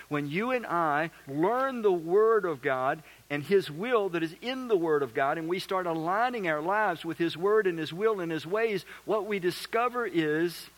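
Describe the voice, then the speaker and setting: A man preaching a sermon as pastor, animated, acting out little voices and asking the crowd questions. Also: a little high.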